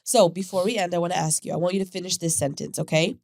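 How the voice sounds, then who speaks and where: A woman's voice: lowish voice, fast talker, creaky, a little mellow, dry recording, studio quality. A woman hosting a podcast, reacting with short interjections and asking follow-up questions. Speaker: podcast host. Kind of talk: casual interview chat.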